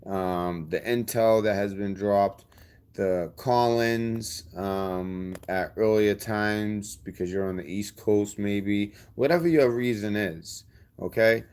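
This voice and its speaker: A man's voice: on the low side, slow pace, a little mellow, clear, resonant tone. A man, talking straight to his subscribers in a rambling, blunt and defiant way. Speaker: channel host. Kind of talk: casual vlog talk to subscribers.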